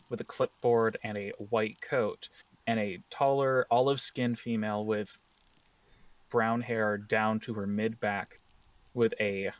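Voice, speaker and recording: A man's voice: mid-range voice, no echo, far from the mic. A man running a tabletop role-playing game as game master, narrating scenes in a casual, joking way and correcting himself as he goes.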